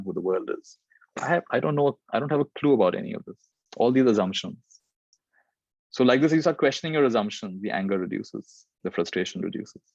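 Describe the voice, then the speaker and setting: A male spiritual teacher with a lowish voice answers questions in a reflective spiritual Q&A talk, repeating phrases to drive his points home. The sound is dry, close, and lo-fi, with no echo.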